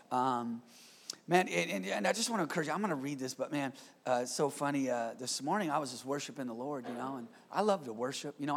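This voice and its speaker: A man preaches a sermon with energy, dropping joking asides and calling on the congregation for amens. His voice sits high and raspy, with a gravelly edge and breathiness. The sound carries a long reverb from the church hall. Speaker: pastor. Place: church sanctuary.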